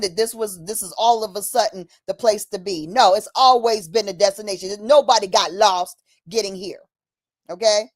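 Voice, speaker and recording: A woman's voice: a little high, a little mellow, dry recording. Preachy woman streamer, dry close sound. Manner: preachy, addresses listener as honey, acts out quoted voices. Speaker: livestream host. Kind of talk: impassioned livestream monologue. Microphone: streaming setup mic.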